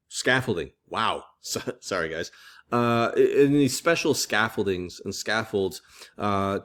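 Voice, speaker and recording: A man teaching an art history lecture in a casual, chatty way, with lots of fillers and restarts. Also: on the low side.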